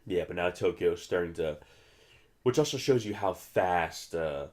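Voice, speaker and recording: A young man talks over an old monster movie in a loose, rambling way, often restarting his sentences. His voice sits very low and deep. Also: lively intonation, a little slow, a little mellow. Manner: rambling, chatty, many restarts. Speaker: movie commentary co-host. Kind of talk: casual movie commentary.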